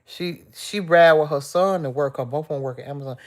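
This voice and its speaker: A middle-aged woman talks to her live viewers in a soft, tearful, emotional way, venting to them in an easy, chatty manner. She addresses the audience as y'all and reads their comments aloud between her own thoughts. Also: low-pitched, fairly quick. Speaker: vlogger on a livestream. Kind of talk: casual live-stream chat, reading out comments.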